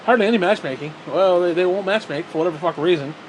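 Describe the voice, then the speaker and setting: A man's voice: sits high, quick pace, a little hiss or hum. A man angrily ranting about a video game in a profane, sarcastic, frustrated way. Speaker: gaming vlogger.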